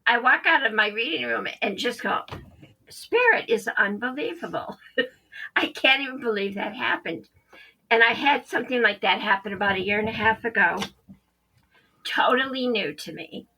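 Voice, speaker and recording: A woman's voice: on the high side, animated, normal speed, sharp tone, slight background noise, low-quality recording. A woman psychic medium, a podcast guest, telling a story animatedly and acting out the quoted dialogue.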